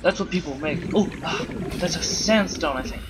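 A man's voice: fairly high pitch, normal speed, very noisy. A man doing goofy, rambling let's play commentary, full of silly wordplay, over game sounds. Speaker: gameplay commentator.

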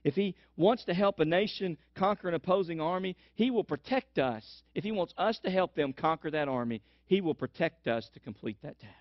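A male pastor preaches in an animated storytelling way, repeating phrases for emphasis. The recording is dry and dull, with a lo-fi sound. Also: a little high, fairly quick, few pauses, no echo. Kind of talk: sermon.

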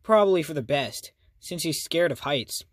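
A man's voice: fairly high pitch, expressive, normal speed, dry recording, clean studio sound. A man reading the part of a confident, teasing boy with superpowers. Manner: teasing, upbeat delivery. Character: cocky super-strong flying boy, grinning and confident.

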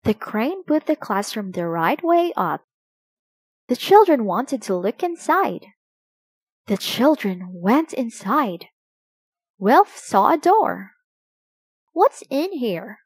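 A woman reading a children's picture book aloud, slowly and expressively for young listeners. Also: a little high, big pitch swings, slightly rough, no echo. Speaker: storybook reader.

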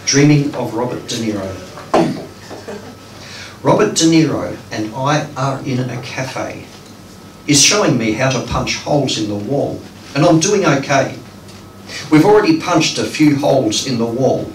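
Poet reading live, unhurried and hesitant between pieces, picked up by a far mic in an echoey room. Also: male voice, medium pitch, expressive. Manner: slow, hesitant between poems, with many ums. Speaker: poet reading his work. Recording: echoey room, distant mic, faint noise.

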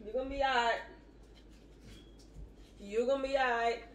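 Playful high-voiced Caribbean woman. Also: fairly even intonation, moderate pace, a little hiss or hum. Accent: Caribbean English. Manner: teasing, giggly, playful. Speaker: vlogger. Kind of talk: casual couple challenge vlog. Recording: roomy, mic at a distance.

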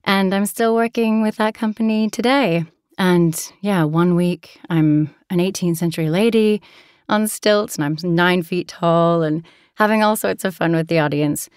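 A woman's voice: on the low side, measured pace, darkish tone, clear, resonant tone, no echo, studio quality. A woman from Alaska with an American accent touched by a transatlantic tinge, an audiobook narrator chatting in an interview and laughing easily as she tells stories. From Alaska, USA. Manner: chatty, laughs often, storytelling. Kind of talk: interview conversation.

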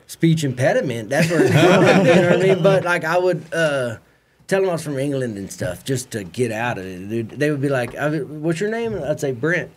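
A man's voice: on the high side, expressive, fairly quick. A man, a comedian guest telling rambling, laughing stories in casual podcast chat. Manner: rambling, laughing, slangy storytelling.

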